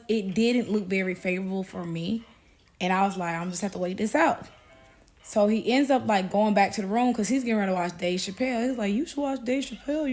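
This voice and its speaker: A young adult woman telling her testimony to viewers in a casual, animated way, talking straight to the audience and insisting she is not kidding. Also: fairly high pitch. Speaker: Christian testimony vlogger.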